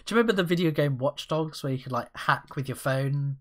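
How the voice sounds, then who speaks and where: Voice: medium pitch, quick pace, a bit bright. A podcast co-host chatting casually, laughing often and rambling through stories. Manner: giggly, rambling. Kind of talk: casual chat.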